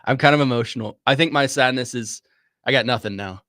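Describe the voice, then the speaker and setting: A young man co-hosting a sports radio show, talking in a halting, emotional way and stumbling over his words. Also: mid-range voice, sharp tone, no echo, studio quality. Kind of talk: casual sports talk.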